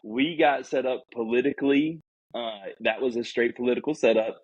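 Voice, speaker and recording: Husky-voiced man telling a war story. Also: medium pitch, moderate pace, highs cut off. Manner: animated storyteller, acts out voices in quotes. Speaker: podcast guest. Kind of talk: casual storytelling.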